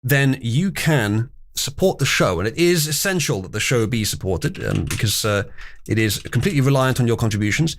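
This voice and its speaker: A man's voice: mid-range voice, animated, moderate pace. A man hosting a livestream, chatting casually and rambling with wry asides to his chat. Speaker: livestream host.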